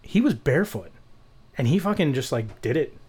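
A man's voice: medium pitch, moderate pace, husky. Man telling swear-laced casual stories. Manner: storytelling, swears casually, animated. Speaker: podcast co-host. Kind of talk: casual chat.

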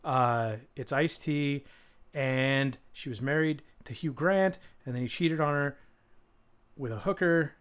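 A man's voice: medium pitch, slow, a bit bright, clear, resonant tone. A man co-hosting a podcast in casual chat, rambling with many fillers and restarts and swearing casually. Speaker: podcast co-host.

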